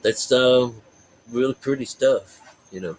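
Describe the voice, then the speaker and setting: A man's voice: medium pitch, measured pace, low-quality recording. A man giving a rambling, folksy spiritual talk to his viewers, full of fillers and asides. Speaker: spiritual vlogger.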